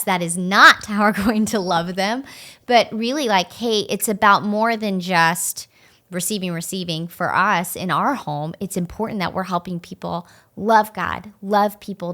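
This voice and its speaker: A woman's voice: medium pitch, measured pace. A woman in her thirties co-hosting a church podcast, telling stories and acting out chats with her child. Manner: warm, storytelling, acts out conversations with her child. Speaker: podcast co-host. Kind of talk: casual podcast talk.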